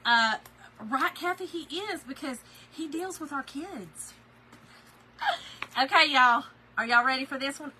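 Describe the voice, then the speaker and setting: A woman's voice: high-pitched, unhurried, pushed and bright, a little hiss or hum, rough recording. A middle-aged woman hosts a casual craft live stream, chatting and gushing while reading viewer comments.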